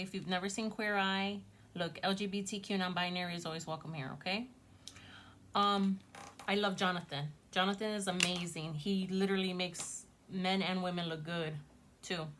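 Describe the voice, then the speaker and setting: A woman's voice: mid-range voice, a bit bright, a little hiss or hum. A woman casually chatting to viewers as she gives a tarot reading, gushing and talking straight to her audience. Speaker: tarot reader.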